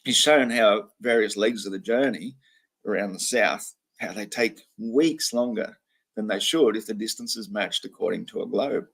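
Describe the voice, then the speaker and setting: Livestream host, male, low and husky, loose rambling delivery. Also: moderate pace, fairly bright tone. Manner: rambling, with frequent ums and restarts. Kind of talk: casual livestream chat.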